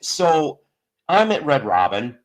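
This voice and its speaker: A man's voice: a little high, very animated, slow pace. Rambling middle-aged man telling stories. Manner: rambling storyteller with frequent restarts. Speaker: host of a live stream show. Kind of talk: casual chat.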